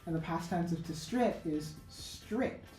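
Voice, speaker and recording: Slow, halting woman teaching in an echoey room. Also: lowish voice, lively intonation, warm tone. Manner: halting, self-correcting, many fillers. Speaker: English teacher. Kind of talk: unscripted grammar lesson. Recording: echoey room with faint music.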